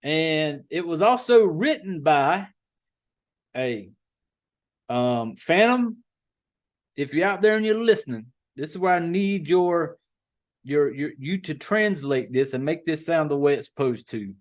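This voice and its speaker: A folksy man hosts a podcast in loose, profane chat. His voice sits a little high for a man, and he rambles and drawls as he goes. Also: lively intonation, unhurried. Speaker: podcast host.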